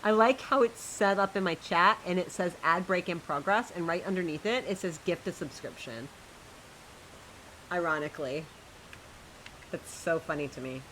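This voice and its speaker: Bright-voiced chatty woman streamer. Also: lowish voice, normal speed, slight background noise, poor audio. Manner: chatty, self-mocking, giggly. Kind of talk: casual live-stream chatter while gaming.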